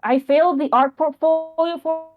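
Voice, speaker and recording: A young adult woman calling in over a voice call, talking in a halting way that often trails off. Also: high-pitched, steady tone, narrow, tinny audio, faint music behind. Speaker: caller. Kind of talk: casual call-in chat.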